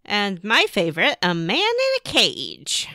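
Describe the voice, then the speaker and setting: A woman on a casual game podcast with a bright, forceful voice and animated pitch swings. She talks playfully and jokes around, recorded dry and close. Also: measured pace, dry recording. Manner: playful, jokey, does silly voices in retellings. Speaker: podcast co-host. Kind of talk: casual chat recapping a video game.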